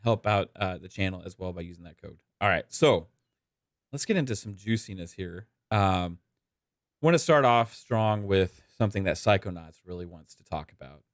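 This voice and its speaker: A man's voice: deep voice, expressive, moderate pace, dry recording, studio quality. A man from Texas hosting a gaming podcast in a laid-back, casual way, with many fillers. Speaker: podcast host. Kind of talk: casual chat.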